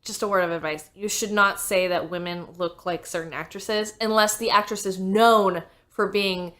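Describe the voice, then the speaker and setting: A woman's voice: medium pitch, steady tone, normal speed, a bit bright. Woman co-hosting a podcast, blunt short quips, teases her cohost. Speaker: podcast co-host. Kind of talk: casual podcast chat.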